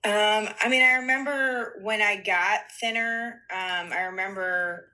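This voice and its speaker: A woman speaking as a client in a consultation, halting and hesitant as she talks about herself. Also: mid-range voice, fairly even intonation, sharp tone, low-quality recording. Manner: hesitant, halting, many fillers and restarts. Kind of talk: consultation, personal talk.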